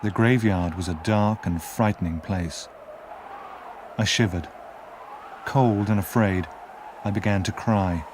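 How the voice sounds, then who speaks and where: A man narrating a classic story as an audiobook in a measured, expressive storytelling manner. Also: on the low side, background noise.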